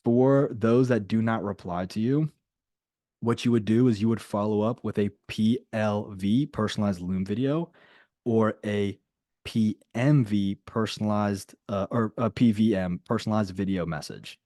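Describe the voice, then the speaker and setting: Low mellow man coaching casually. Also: normal speed, no room sound, studio quality. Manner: casual, emphatic, repeats key phrases. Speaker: sales coach. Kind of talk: group coaching call.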